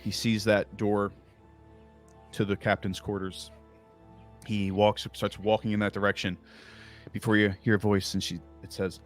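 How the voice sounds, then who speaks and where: A man's voice: fairly low pitch, little pitch movement, measured pace, long pauses, no room sound, faint music behind. A man narrating a tabletop game as game master, describing scenes in a casual, rambling way full of likes and uhs.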